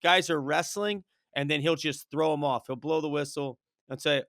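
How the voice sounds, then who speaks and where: A man who coaches wrestling, talking in an energetic, rambling way on a casual podcast and telling stories about coaching. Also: fairly high pitch, moderate pace, hardly any pauses, no echo, studio quality. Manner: energetic, storytelling, rambling with restarts.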